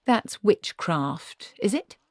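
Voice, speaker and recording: A woman voicing a stubborn, sharp-tongued old witch in an audiobook reading, with indignant clipped outbursts. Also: medium pitch, sing-song, slow, dry recording, studio quality, pitched above the performer's own voice.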